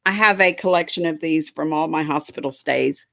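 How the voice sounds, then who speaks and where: A woman's voice: deep voice, normal speed, gravelly, fairly bright tone, dry recording, clean studio sound. A woman chatting casually to a live audience at home, folksy and doting, drifting into baby talk with her dog. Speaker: livestream host chatting with viewers.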